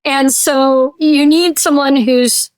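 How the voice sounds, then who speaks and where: Brief: high-pitched woman guest, blunt and animated, slips into quoted voices, dry close sound. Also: slow pace, no echo. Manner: blunt, joking. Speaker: guest brand consultant. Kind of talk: casual interview talk.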